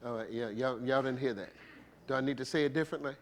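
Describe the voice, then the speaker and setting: A man with a mid-range voice preaches a sermon as a bishop, talking at a quick pace with a little hiss or hum in the background. He's conversational and playful, with features, asking the congregation rhetorical questions and laughing between points.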